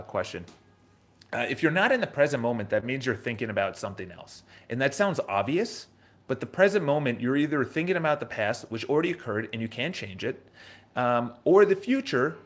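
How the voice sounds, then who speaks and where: A man in his thirties with a New York accent, talking live to his audience in a casual, motivational way, repeating phrases and restarting sentences. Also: medium pitch. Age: 30s. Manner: energetic, conversational, repeats phrases, restarts often. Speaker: host of a live morning show. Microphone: live stream from his office.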